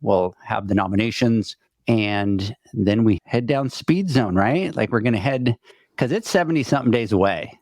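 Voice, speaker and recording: A middle-aged man hosting a podcast over a video call, talking fast and rambling while he is still out of breath. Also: fairly low pitch, animated, a little mellow, no room sound, studio quality. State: winded. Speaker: podcast host. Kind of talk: casual chat.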